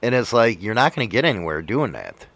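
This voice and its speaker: A man's voice: on the low side, big pitch swings, brisk, a bit bright, no room sound. A man hosting a casual podcast chat, talking emphatically and swearing freely. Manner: profane, emphatic storytelling. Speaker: podcast host and motovlogger.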